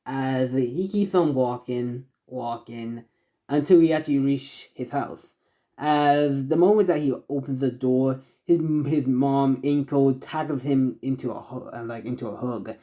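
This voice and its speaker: Rambling mellow male storyteller. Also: mid-range voice, unhurried. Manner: rambling, many fillers and self-corrections. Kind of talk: improvised fan-fiction narration.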